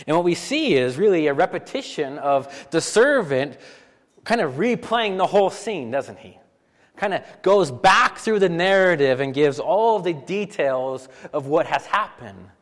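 Male pastor, sermon delivery, higher register, repeats lines for emphasis, reverberant sanctuary sound. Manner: animated, rhetorical questions, repeats for emphasis.

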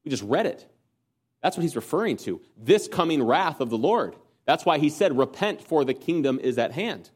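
A man preaching a sermon, earnest, asking rhetorical questions and swinging from emphatic peaks to quiet low passages. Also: very animated, normal speed, slightly rough. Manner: asks the congregation rhetorical questions.

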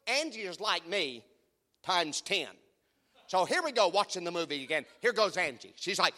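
Lively, bright-voiced preacher in a hall. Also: male voice, sits high, normal speed. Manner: animated storytelling with call-and-response. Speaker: pastor. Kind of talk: sermon. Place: church sanctuary. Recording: long reverb of a church hall.

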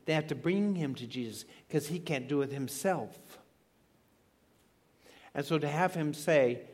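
Emphatic higher-voiced male preacher. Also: a little mellow. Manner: emphatic, slows down on key words, rhetorical questions. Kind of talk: sermon.

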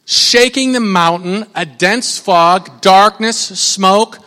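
A young man preaching a casual, animated sermon, rambling and cutting himself off as he goes. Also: high-pitched, slow pace, in a large hall. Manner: animated, rambling, self-interrupting. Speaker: pastor.

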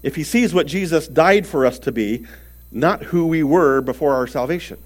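A man preaching a sermon earnestly, stressing words and swinging between loud and soft. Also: on the high side, moderate pace.

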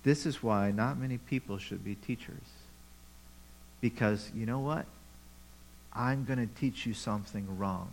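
A man's voice: fairly low pitch, unhurried, gravelly, pauses often, slight background noise, poor audio. A pastor preaching a conversational sermon to his church, with rhetorical questions and repeated phrases.

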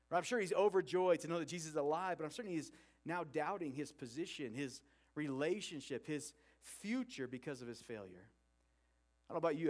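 A man preaching a sermon, retelling a story with acted-out quotes in an earnest way. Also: fairly high pitch.

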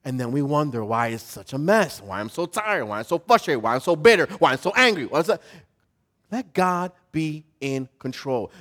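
Male preacher, high voice, animated sermon, loud then hushed. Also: moderate pace. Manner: animated, swings from loud to quiet, repetitive.

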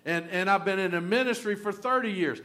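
A middle-aged man, preaching a sermon in a folksy, animated storytelling way with humor. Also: high voice, brisk. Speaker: pastor.

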